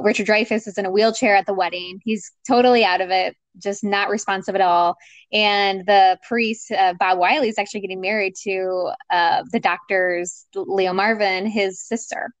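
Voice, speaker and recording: A woman's voice: medium pitch, fairly even intonation, moderate pace, no room sound. Woman rambling through a movie recap. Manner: rambling recap with fillers and laughs. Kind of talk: casual chat about movies.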